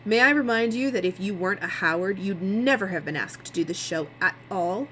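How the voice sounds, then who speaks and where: A woman's voice: mid-range voice, expressive, fairly quick, a bit bright, slight background noise, natural voice, poor audio. A woman voicing a smug male TV producer, sarcastic and needling.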